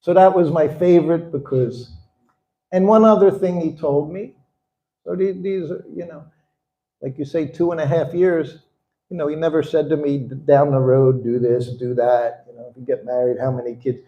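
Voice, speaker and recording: A man's voice: a little high, fairly even intonation, moderate pace, roomy sound, dull audio. A man in his seventies, a guest speaker telling personal stories with frequent chuckles. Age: 70s. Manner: chuckles often while telling anecdotes. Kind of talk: storytelling talk.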